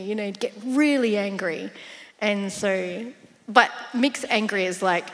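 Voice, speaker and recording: A woman tells her story in a relaxed interview, lively and laughing often, acting out voices as she goes. Her voice sits in a middle register. It rings with a long hall reverb. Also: mid-range voice, unhurried. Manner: animated storyteller, laughs often, acts out quotes. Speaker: interview guest. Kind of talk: casual faith story interview.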